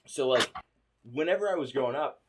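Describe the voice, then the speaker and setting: A man's voice: medium pitch, lively intonation, brisk, noisy background. A young man co-hosting a podcast, telling profane stories from his school days in casual chat and acting out the voices of people in them. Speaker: podcast co-host. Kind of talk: casual storytelling.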